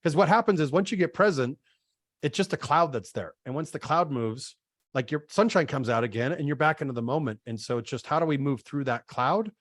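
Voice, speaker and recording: A man's voice: on the high side, a little fast, no echo, clean studio sound. A man speaking as a podcast guest, explaining his ideas thoughtfully in a casual conversation.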